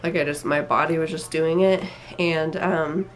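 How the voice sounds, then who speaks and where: A young woman talks to camera in a loose, rambling vlog. Her voice sits a little low, and she sounds tired and emotional, with many fillers as she goes. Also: fairly even intonation, moderate pace. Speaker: vlogger. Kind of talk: casual personal story.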